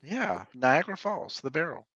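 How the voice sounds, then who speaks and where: A man's voice: a little high, big pitch swings, moderate pace, sharp tone, dry recording, lo-fi sound. A man with a Southern US accent, co-hosting a live sale and calling out bids in short, matter-of-fact updates.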